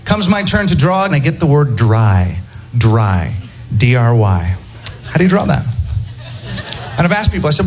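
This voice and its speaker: A man's voice: medium pitch, sing-song, normal speed, pauses often, a little mellow. A man doing a stand-up set, ranting in an incredulous, storytelling way. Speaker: stand-up comedian.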